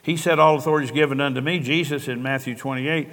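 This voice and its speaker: A man's voice: medium pitch, steady tone, fast talker, fairly bright tone. Older male pastor, conversational sermon, earnest storyteller, church hall with long echo. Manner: earnest storytelling, conversational preaching with quoted dialogue. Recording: long reverb of a large hall.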